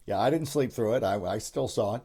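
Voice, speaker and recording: A man's voice: fairly low pitch, fairly quick, warm tone. A middle-aged man hosting a sports podcast, talking casually and rambling with many restarts. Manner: rambling, frequent restarts and fillers. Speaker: podcast host.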